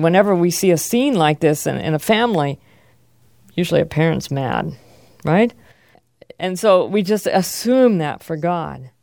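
A man's voice: a little high, vocal fry, a little mellow, dry recording, clean studio sound. Man leading a Bible class. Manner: conversational, asks the class questions. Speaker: teacher.

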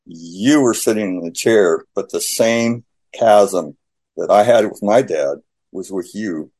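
A man sharing a personal faith testimony in conversation, telling his story in animated style and acting out the dialogue. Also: lowish voice, slow, breathy edge.

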